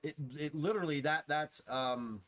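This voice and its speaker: A man's voice: fairly high pitch, normal speed, a crowd in the background. A man narrating as game master of a tabletop role-playing game, rambling and playful with many restarts.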